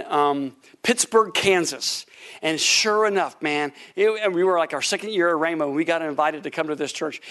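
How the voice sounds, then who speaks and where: A middle-aged man, a pastor, telling animated stories from the pulpit during a sermon, breaking into laughter and shouts at the punchlines. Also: sits high. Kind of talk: sermon storytelling. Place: church sanctuary.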